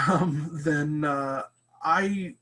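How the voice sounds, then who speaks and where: A man, a game master, speaking on a group call in halting sentences full of ums. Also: on the high side, bright, forceful tone. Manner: hesitant, lots of ums, supportive. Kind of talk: casual video call chat.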